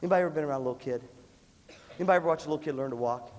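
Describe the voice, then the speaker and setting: A man giving a lively seminar talk to a live audience, telling stories and acting out the dialogue. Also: fairly high pitch, racing. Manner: animated storyteller who acts out dialogue. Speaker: leadership seminar speaker. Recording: long hall reverb.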